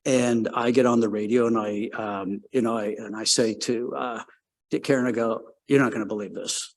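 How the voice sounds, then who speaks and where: A man's voice: medium pitch, moderate pace. A man in his sixties from Canada, a former race car driver who is the guest. He tells long, rambling stories full of "um"s and gets livelier as he acts out the exchanges. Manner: rambling, filler-heavy, lively when telling a story. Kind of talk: casual anecdotal storytelling.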